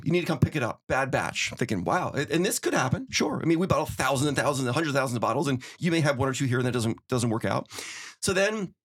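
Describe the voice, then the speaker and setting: A middle-aged man telling stories in casual conversation, animated, acting out quotes as he goes. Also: a little high, husky. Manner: fast, animated storytelling with acted-out quotes. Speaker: podcast guest, winery owner.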